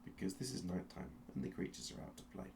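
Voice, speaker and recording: A man narrating a tabletop game as game master, telling the story slowly and with suspense, often restarting his sentences. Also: low-pitched, vocal fry, noisy background. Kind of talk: dramatic second-person narration of a tabletop game.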